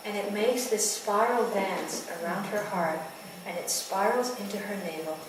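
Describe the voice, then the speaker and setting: A midwife telling a story to a live audience, speaking slowly and intimately, often sinking to near whispers. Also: female voice, mid-range voice. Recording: echoey room, distant mic, ambient noise.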